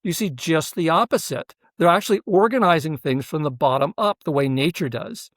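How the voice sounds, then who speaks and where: Earnest explaining man, slightly higher voice. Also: animated, a little fast, fairly bright tone, no room sound, studio quality. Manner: earnest, explaining, many fillers and "right?" check-ins. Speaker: professor and researcher, interview guest. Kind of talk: explanatory interview talk.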